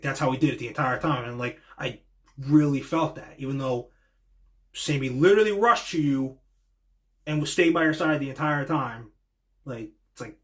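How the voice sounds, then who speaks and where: A man's voice: a little high, fast. A man hosting a show, talking through wrestling predictions in a rambling, opinionated way with lots of fillers. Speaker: podcast host. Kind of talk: casual wrestling reaction monologue.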